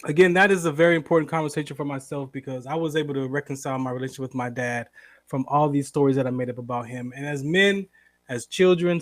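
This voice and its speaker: A man's voice: mid-range voice, no room sound. A man hosting a radio show, welcoming listeners back and reflecting on the talk. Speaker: host.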